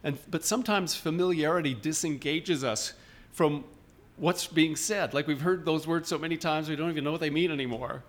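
A man's voice: on the high side, moderate pace. A man preaching a sermon in a church, informal and questioning, often restarting his sentences. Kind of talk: conversational sermon.

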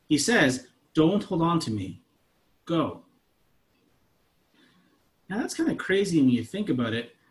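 This clip features a man in his thirties, pitched fairly high, preaching as a pastor. His sermon feels conversational, alternating quiet asides with forceful statements.

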